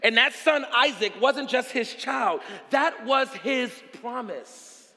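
A man preaches a sermon in a strikingly high, bright voice that rings through a hall with a long echo. He swings from hushed, intimate lines to full shouts and repeats key phrases for emphasis. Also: lively intonation, slow.

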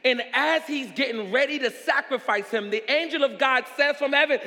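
A man preaches a sermon in a strikingly high, bright voice that rings through a hall with a long echo. He swings from hushed, intimate lines to full shouts and repeats key phrases for emphasis. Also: normal speed, hardly any pauses.

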